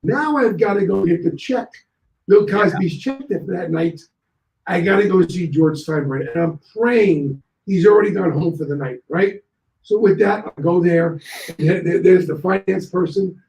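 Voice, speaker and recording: A male guest on a talk show telling anecdotes in a lively way and acting out other people's lines. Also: sits high, moderate pace, creaky, reverberant, poor audio. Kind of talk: anecdotal storytelling.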